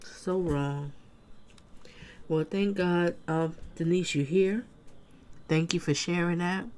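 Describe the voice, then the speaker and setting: A woman's voice: fairly low pitch, takes it slowly, a little mellow, a little hiss or hum. A woman hosting a live stream, commenting emotionally on trial footage and speaking straight to her viewers. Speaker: livestream host reacting to trial footage. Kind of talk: casual commentary.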